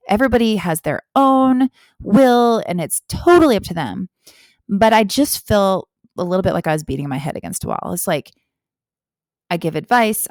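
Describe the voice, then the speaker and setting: A woman's voice: fairly low pitch, no echo, studio quality. A middle-aged woman hosting a health-coaching podcast, talking earnestly and animatedly on her own. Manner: earnest, animated, acts out quoted voices. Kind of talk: casual solo podcast talk.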